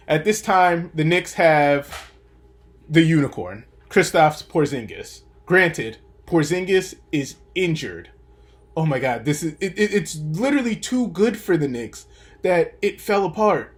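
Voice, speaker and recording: Animated young man ranting about basketball. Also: a little high, a little slow. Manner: animated, opinionated, rambling with fillers. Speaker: podcast host. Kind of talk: casual sports commentary monologue.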